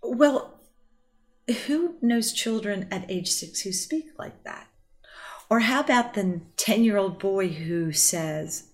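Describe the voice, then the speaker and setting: A woman's voice: mid-range voice, slow. A middle-aged woman counselor explaining a family issue to parents, earnest and emphatic, slipping into quoted dialogue.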